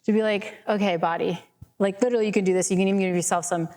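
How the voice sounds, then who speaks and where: Speaking very fast in a dark, mid-range voice with fairly even intonation, a woman professor answers a question from the live audience. Her reply is chatty and self-deprecating, full of "like" and "right?", and the mic picks up the hall's reverb.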